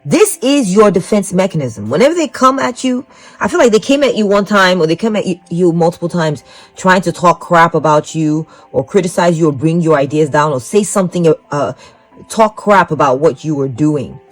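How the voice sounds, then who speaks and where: A woman's voice: fairly low pitch, lively intonation, normal speed, low-quality recording. A woman giving a psychic tarot reading to the viewer. She rambles, repeats herself and keeps encouraging the viewer. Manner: rambling, repetitive, encouraging, talks straight to the viewer. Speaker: tarot reader. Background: faint music.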